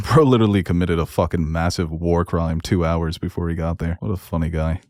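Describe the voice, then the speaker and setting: A man with a very low voice chats casually as a podcast co-host reviewing a TV episode. He laughs a lot and swears freely. The mic is close and the sound is dry. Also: fairly even intonation, normal speed, darkish tone, dry recording.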